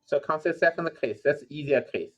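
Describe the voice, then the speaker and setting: A man's voice: on the high side, a little fast, a bit bright. A male university lecturer working through a problem aloud, with many fillers and restarts. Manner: thinking aloud with frequent "uh" and self-corrections. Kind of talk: recorded lecture.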